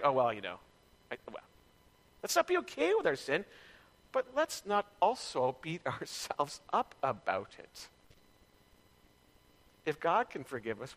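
A man's voice: mid-range voice, bright, forceful tone, big-room sound. A man preaching as pastor, in a candid, conversational way with personal stories. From Canada. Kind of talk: sermon.

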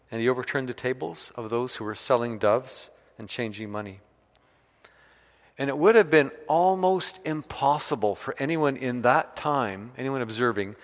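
A man preaching a sermon, retelling a scripture story with varied emphasis. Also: medium pitch. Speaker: pastor. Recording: long hall reverb.

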